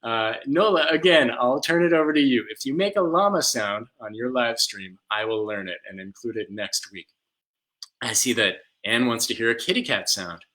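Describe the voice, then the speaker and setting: A man's voice: medium pitch, animated, normal speed. A man teaching a live music class for small children from home, singing songs and making animal sounds with a ukulele. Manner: gentle, sings songs and makes animal sounds for young children.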